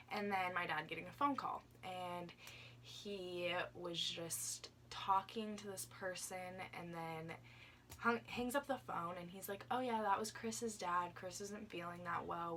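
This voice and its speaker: A woman's voice: fairly low pitch, pushed and bright, distant mic, slight background noise. Chatty young woman telling a story. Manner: chatty, lots of "like" fillers, acts out her younger self. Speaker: vlogger. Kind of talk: casual storytime vlog.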